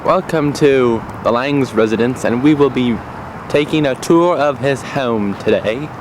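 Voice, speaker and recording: A man's voice: mid-range voice, voice pushed up, close to an everyday voice. A man impersonating a gushing celebrity TV host with a put-on accent, recorded on a noisy 1990s camcorder. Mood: showy. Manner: showy, drawn-out announcer delivery with a put-on accent. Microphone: camcorder built-in mic.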